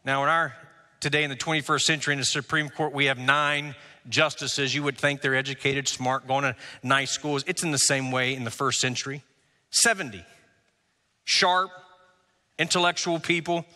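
A man preaching a sermon as pastor, emphatic, with rhetorical questions and drawn-out words. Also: medium pitch, steady tone, bright, forceful tone, big-room sound. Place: church sanctuary.

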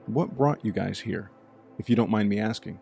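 A man's voice: lowish voice, normal speed, creaky, warm tone, soft background music. A man voicing a hesitant, apologetic young man in a spoken bedtime story. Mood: awkward. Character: young man, recovering drinker, a bit awkward.

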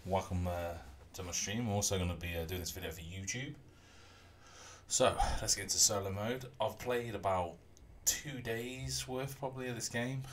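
Deep streamer rambling over his game, bit of faint room hum. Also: normal speed. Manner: relaxed, rambling, hums to himself. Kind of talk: casual gameplay commentary.

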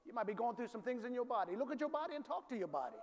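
A male pastor from the preaching a sermon in a large church, calling for responses and rising to shouts. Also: very high voice, very animated, racing, a little hiss or hum. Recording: reverberant hall, faint ambience.

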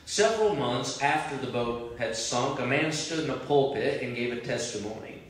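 A man preaching a sermon as pastor, moving between prayer and loud impassioned cries. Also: medium pitch, lively intonation, normal speed. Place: large church sanctuary. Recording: very echoey church from a distant mic.

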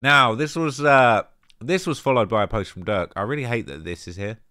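A man hosting a rap commentary show, talking casually in slang with animated emphasis and lots of fillers. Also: mid-range voice, normal speed, clean tone, dry recording, clean studio sound. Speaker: host of a rap commentary channel.

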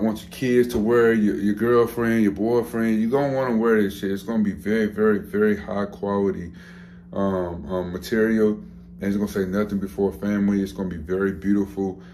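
A man's voice: fairly low pitch, warm tone, slight background noise. A young man breeding dogs talks casually to a handheld camera, hyped and slangy and repeating himself over and over. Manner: hyped, repetitive, slangy, keeps repeating phrases. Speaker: dog breeder.

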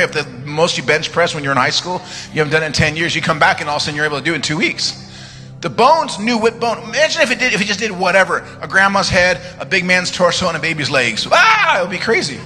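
A man preaching a live church sermon, telling stories with joking asides and sudden shouted commands. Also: high-pitched. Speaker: guest preacher. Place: church sanctuary. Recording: live church sermon, reverberant hall, music underneath.

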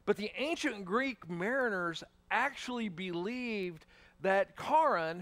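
A male pastor preaching a sermon in an animated, joking storytelling manner, acting out the characters' cries. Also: sits high, no echo. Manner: animated, jokey storytelling, acts out voices. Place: church.

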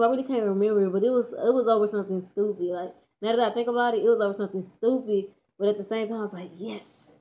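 A teenage girl from Texas telling a story in casual, slangy chat, laughing as she goes. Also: on the high side. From Dallas, Texas. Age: teens. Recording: tinny phone-like audio.

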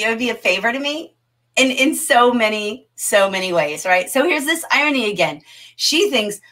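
A middle-aged woman teaching a livestreamed literature class, animated and often laughing as she answers the chat. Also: a little high, normal speed.

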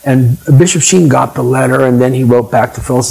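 Older male raconteur, husky and raspy, mid-range pitch, loose anecdotal delivery to a room. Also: fairly quick, few pauses, a little mellow, poor audio. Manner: rambling, chatty storytelling with many asides. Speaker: storyteller. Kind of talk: anecdotal talk to a live audience.

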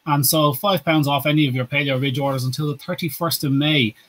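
A man's voice: fairly high pitch, steady tone, a little fast, a bit bright. A man co-hosting a casual podcast chat, rambling and restarting as he talks, also reading out a sponsor notice. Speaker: podcast co-host.

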